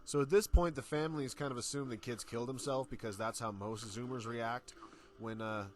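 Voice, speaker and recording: A man's voice: mid-range voice, fairly even intonation, brisk. A young man giving a profane, sarcastic rant as a YouTube reviewer. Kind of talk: ranting commentary.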